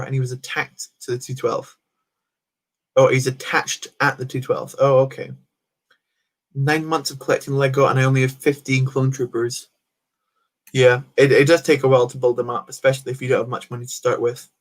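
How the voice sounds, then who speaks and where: Reading chat aloud as he builds on stream, this young man rambles casually, stumbling through fillers and restarts. His voice sits at medium pitch with a fairly bright tone.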